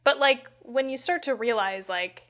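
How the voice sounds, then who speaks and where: A woman's voice: on the high side, a bit bright. A woman co-hosting a podcast, telling stories casually and swearing freely. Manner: storytelling, swears freely, quick bursts. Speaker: podcast co-host. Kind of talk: casual chat.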